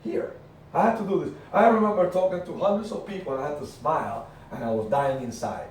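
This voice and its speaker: A middle-aged man giving an energetic, emphatic motivational talk to his team, telling stories with punchy repetitions. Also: fairly high pitch, a little fast. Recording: very echoey room, far from the mic, faint noise.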